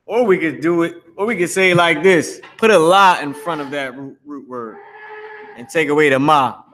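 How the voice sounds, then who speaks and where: A man's voice: a little high, normal speed, fairly bright tone, a little hiss or hum. A man teaching a live online language class, talking casually, repeating himself, and grumbling when the stream drops. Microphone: streaming to Facebook and YouTube.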